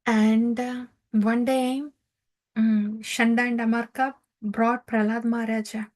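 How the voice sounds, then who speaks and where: A woman teaching a scripture class, telling the story in an animated way with fillers and laughs. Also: a little high, takes it slowly.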